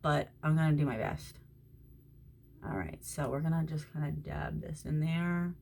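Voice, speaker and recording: A low-pitched middle-aged woman talks her way through a makeup routine at home. Her chat is loose and friendly, aimed at a friend, and now and then it sinks into a hushed whisper. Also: lively intonation, moderate pace, vocal fry. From Florida. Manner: chatty, talks to a friend while doing makeup, drops to soft whispers at times. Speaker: makeup vlogger. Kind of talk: casual makeup tutorial chat. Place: at home during quarantine.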